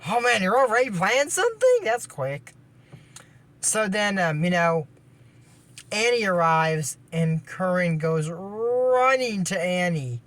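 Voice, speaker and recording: A man's voice: high voice, sing-song, takes it slowly, fairly bright tone. A man casually recapping a cartoon episode, rambling with lots of fillers and restarts and dropping sarcastic asides. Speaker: anime episode reviewer.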